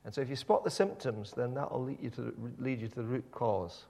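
A man's voice: mid-range voice, fast, creaky, mellow. A man preaching a sermon, telling the story animatedly with many repeated words and restarts.

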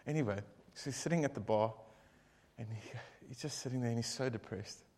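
A man leading a group devotion, telling a long joke in a casual, rambling, animated way with many asides. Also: mid-range voice, a little fast.

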